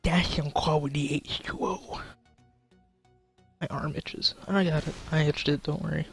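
A man's voice: on the high side, fairly even intonation, measured pace, vocal fry, fairly bright tone, husky, faint music behind. A young man giving casual gameplay commentary, swearing and joking as he plays. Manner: swearing, frustrated, joking, talking to chat. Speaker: gaming YouTuber.

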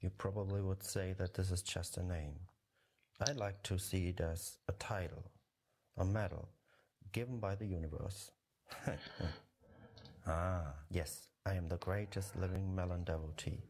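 A man's voice: low-pitched, steady tone, measured pace, a little mellow, a little hiss or hum. An actor playing a pompous, self-important man who collects melon things, speaking in a grandiose way.

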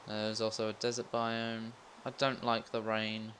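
Making self-deprecating jokes as he rambles, a young let's play gamer commentates casually on his game. He speaks fairly low and monotone at an unhurried pace, his tone a bit bright, with a faint hiss or hum.

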